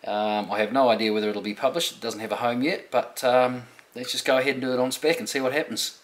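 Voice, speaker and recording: A man's voice: mid-range voice, fast talker. A male illustrator chatting casually as he walks through his sketches and book ideas. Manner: relaxed, chatty, explanatory. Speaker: illustrator presenting his work. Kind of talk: casual tutorial talk.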